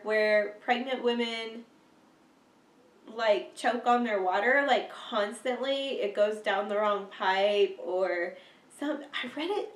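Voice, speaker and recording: A woman's voice: medium pitch, recorded from a distance. A young woman, stuffy with a cold, chatting casually in a vlog update with lots of fillers and laughter. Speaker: vlogger. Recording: roomy sound, a bit off-mic.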